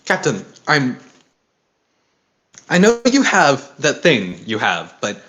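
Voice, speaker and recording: A man running a tabletop role-playing game, narrating and chatting in a halting way. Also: mid-range voice, slight background noise. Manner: animated, halting with fillers. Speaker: game master.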